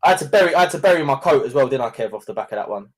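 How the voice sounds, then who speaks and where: A man speaks fast in a relaxed podcast chat. He tells anecdotes full of swearing and laughs along as he goes. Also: mid-range voice. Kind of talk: casual chat.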